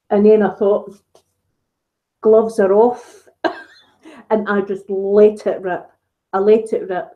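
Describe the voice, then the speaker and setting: A woman's voice: medium pitch, dull audio. A middle-aged woman with a Scottish accent, hosting a casual live-stream chat on her ASMR channel and telling stories with frequent laughs. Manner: chatty storytelling, frequent laughs.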